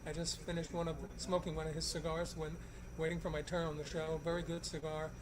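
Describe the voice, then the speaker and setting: A man's voice: fairly high pitch, monotone, fairly quick, background noise. A man presenting a regular segment from a crowded cigar shop, folksy and chatty with many fillers. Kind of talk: casual joke-telling segment. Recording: busy shop background chatter. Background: crowd of customers.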